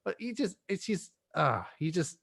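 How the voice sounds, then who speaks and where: A man's voice: sits high, very animated, moderate pace, vocal fry, fairly bright tone. A man as a guest on a casual movie podcast, giving joking commentary.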